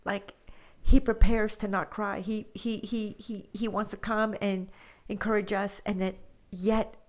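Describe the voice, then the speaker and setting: A woman co-hosting a podcast in casual chat, speaking emotionally, often dropping to a breathy whisper and halting on restarts. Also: medium pitch, little pitch movement. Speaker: podcast co-host.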